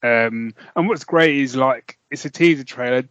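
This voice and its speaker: A man's voice: medium pitch, moderate pace, fairly bright tone, clean tone, dry recording. Enthusiastic British man, dry lo-fi sound. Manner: enthusiastic, rambling, laughs often. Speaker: podcast co-host. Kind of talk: casual chat. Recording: dull lo-fi dry recording.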